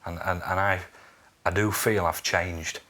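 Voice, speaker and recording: Man, father, very low voice, hesitant, stammering, defensive, counselling talk. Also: fairly even intonation, a little slow, bright, forceful tone. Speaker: father in family therapy. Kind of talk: counselling session conversation.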